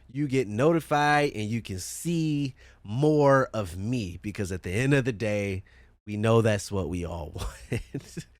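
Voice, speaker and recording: A man's voice: medium pitch, no room sound. A man hosting a solo podcast in a room with a fan running, talking casually and profanely, joking as he plugs his channels. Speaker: podcast host.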